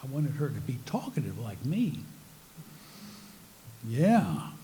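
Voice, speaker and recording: A man's voice: mid-range voice, wildly swooping pitch, takes it slowly, dark tone, slight background noise. An older man, a former priest, giving a talk to a spiritual group, telling personal stories with self-mocking humor. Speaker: speaker.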